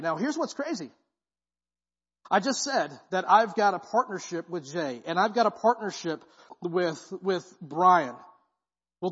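A man's voice: high-pitched, slightly rough. A man preaching a sermon as guest pastor, in a casual, slangy way with frequent "right?" asides. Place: church sanctuary. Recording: dull, muffled sound with long hall reverb.

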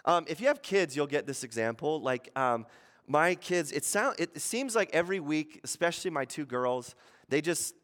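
Chatty pastor preaching in a reverberant hall. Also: male voice, lively intonation, normal speed. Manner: conversational, asks the room "right?" often; acts out quoted voices with sudden shifts in pitch and loudness. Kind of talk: sermon. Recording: long reverb of a church hall.

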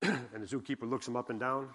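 A man's voice: mid-range voice, fairly even intonation, quick pace, a bit bright. A man preaching as a guest pastor in a church, telling a folksy joke and then reading and explaining scripture, often asking the congregation questions. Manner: folksy storyteller, asks the audience questions. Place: church sanctuary. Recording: long hall reverb.

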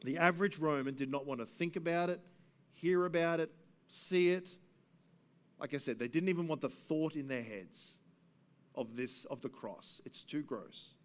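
A man preaching an expository sermon as pastor, earnest, rising for emphasis and dropping to hushed passages. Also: normal speed. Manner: earnest, swings between raised emphasis and hushed low passages.

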